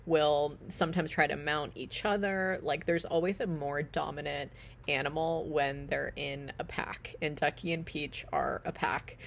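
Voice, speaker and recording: A young woman vlogging outdoors on a farm, talking to the camera and cooing in high baby talk to her pigs. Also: steady tone, unhurried, gravelly. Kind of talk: casual vlog talk to pets and camera. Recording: outdoor noise and animal sounds behind.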